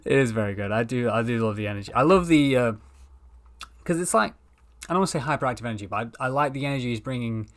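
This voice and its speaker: A man's voice: mid-range voice, animated, fast, fairly bright tone. A man co-hosting a casual podcast, tired and yawning after an early start at work, mostly reacting easygoingly. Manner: easygoing and reactive, short agreeing replies. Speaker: podcast co-host. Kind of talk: casual chat.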